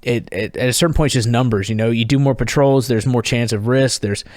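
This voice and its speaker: A man in his thirties, a podcast guest, telling a story and laughing as he acts out the dialogue. His voice has a middle pitch and is recorded close and dry, with no room sound. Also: fast talker, no echo. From United States. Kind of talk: storytelling in conversation.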